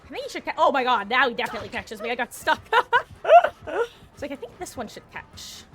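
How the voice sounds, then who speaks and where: Woman streamer, chatty gameplay commentary, slightly high voice, frequent laughs. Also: big pitch swings, brisk, over music. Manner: chatty, laughs often, talks to viewers and teammates.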